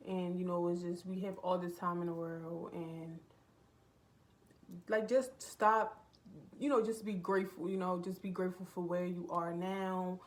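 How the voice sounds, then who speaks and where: A woman's voice: on the low side, steady tone, a little slow. Young woman talking openly in a vlog. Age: young adult. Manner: rambling and heartfelt, with many fillers. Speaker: vlogger. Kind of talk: casual confessional vlog chat. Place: indoors at a relative's home.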